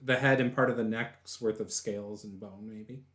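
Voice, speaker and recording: A man's voice: fairly low pitch, fairly even intonation, normal speed, fairly bright tone. A man running a tabletop game as game master, chatty and laughing often.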